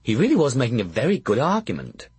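A man's voice: mid-range voice, expressive, normal speed, breathy edge, dry recording. A man narrating a first-person audiobook in a wry, dry storytelling manner.

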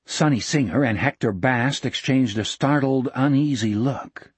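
A male narrator reads a novel with measured, dramatic storytelling. His voice is husky and unhurried, sitting at an ordinary pitch. The recording is dry and close, like a studio mic. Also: no echo. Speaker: audiobook narrator. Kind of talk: scripted narration.

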